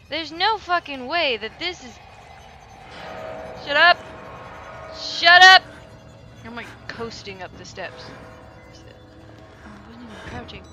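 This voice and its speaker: A woman's voice: sits high, sharp tone, poor audio. A young woman commentating a horror game while scared, jumpy and exclaiming, breaking into nervous laughter. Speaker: gameplay commentator. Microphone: desk microphone, knocked about. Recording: faint background noise.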